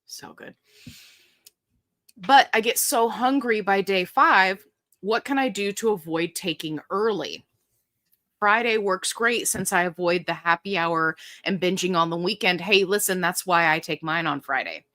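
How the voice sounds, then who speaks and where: A woman's voice: lowish voice, measured pace, bright, forceful tone, dry recording, clean studio sound. A woman hosting a casual live Q&A, upbeat and chatty, reading viewer comments aloud. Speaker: livestream host.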